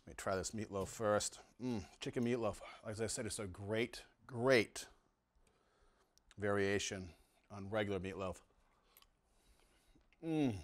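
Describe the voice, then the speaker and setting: A man's voice: on the low side, measured pace, pauses often. A middle-aged man hosting a home cooking show, demonstrating recipes in his kitchen and relishing every bite with lots of mm and wow. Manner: enthusiastic, savoring food aloud with lots of mm and wow.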